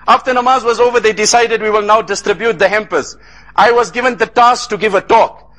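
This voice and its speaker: Impassioned high-voiced male preacher. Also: steady tone, a little fast, a bit bright. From South Africa. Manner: impassioned, repetitive cadences, sprinkled with Arabic phrases. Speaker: Islamic lecturer. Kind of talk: emotional sermon storytelling.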